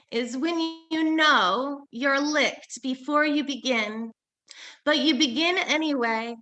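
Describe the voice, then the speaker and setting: A woman's high, sharp-toned voice carries through a press conference speech. She talks with heartfelt emotion and leans on repeated phrases for emphasis. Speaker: advocate and mother of a solitary survivor.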